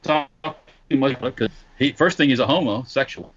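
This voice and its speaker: A man chatting as a podcast guest over a call, talking haltingly with many fillers and restarts. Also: mid-range voice, fairly bright tone, a little hiss or hum. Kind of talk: casual chat over a call. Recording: dull lo-fi video call audio.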